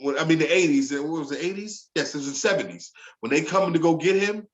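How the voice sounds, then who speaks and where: A chatty man co-hosting a casual podcast, retelling scenes with lots of "you know what I'm saying". His voice sits a bit higher than most men's. The room is echoey and live around him. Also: animated, quick pace, muffled recording. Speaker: podcast co-host. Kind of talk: casual chat.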